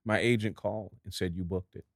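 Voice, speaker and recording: A middle-aged man from Dallas, an actor guest in an interview, telling stories in an animated way and acting out other people's voices. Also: sits low, a little fast, no room sound, clean studio sound. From Dallas, Texas. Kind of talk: storytelling interview.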